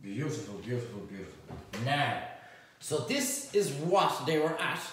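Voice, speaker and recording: A man hosting a live cook-along, rambling and joking with slangy asides. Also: on the high side. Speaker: chef and cooking show host. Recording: echoey room, mic at a distance, faint noise.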